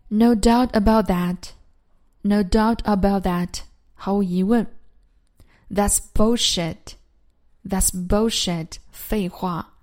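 An English teacher with a mid-range, slightly mellow voice runs a slow phrase-drill lesson. Deliberately and clearly, she repeats each English phrase slowly, then gives the Chinese translation.

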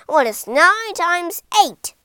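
A woman voicing a strict male maths teacher who yells and barks at his pupil. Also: sits high, very animated, a little fast, no echo, clean studio sound. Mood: angry. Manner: barking, yelling.

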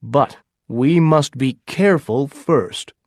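A man's voice: mid-range voice, slow pace, a little mellow, no room sound, clean studio sound. A man voicing a careful male expedition leader in a storybook reading, speaking firmly and with command.

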